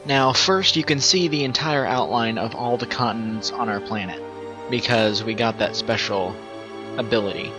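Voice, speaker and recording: A man's voice: medium pitch, normal speed, over music, low-quality recording. A man casually commentating his strategy-game playthrough, rambling and correcting himself as he thinks aloud.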